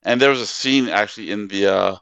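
With a fairly low, gravelly yet smooth and slightly bright voice, this man talks briskly while co-hosting a book podcast. He reads quotes aloud and chats casually with a few hesitant fillers. The recording is dry and captured on a dull lo-fi mic.

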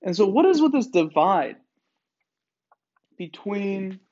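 A man's voice: high voice, takes it slowly, lo-fi sound. Profane, rambling male podcast host. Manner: profane, animated, digressive. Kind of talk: rambling monologue.

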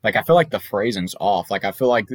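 A man's voice: on the low side, animated, fast talker, husky, dry recording. A young man casually playing a trivia game with a friend, reading questions aloud, swearing and laughing. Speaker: gamer playing a trivia quiz. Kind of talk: casual gaming commentary.

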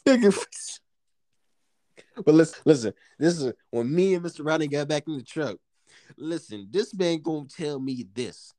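A man's voice: on the high side, expressive, moderate pace, warm tone, no room sound, studio quality. A young man in casual chat, animatedly telling a profane work story full of quoted lines and laughter. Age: young adult.

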